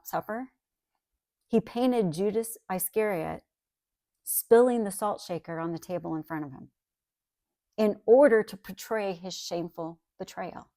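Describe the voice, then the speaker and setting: A woman's voice: mid-range voice, darkish tone, no echo, studio quality. A woman giving a sermon as a Bible teacher, earnest and emphatic, with conversational asides.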